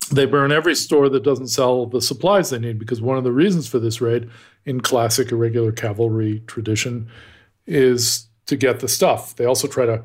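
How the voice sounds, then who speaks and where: An American man co-hosting a casual history chat, telling stories in a wry, digressive way and chuckling at his own anecdotes. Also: mid-range voice. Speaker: podcast co-host.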